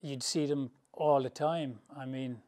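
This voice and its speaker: A man's voice: medium pitch, a little slow. A man from England, a boxing trainer, telling loose, colloquial stories in an interview and often laughing through them. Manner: animated storyteller, laughs through anecdotes; loose, colloquial, rambling phrasing. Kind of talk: storytelling interview answers.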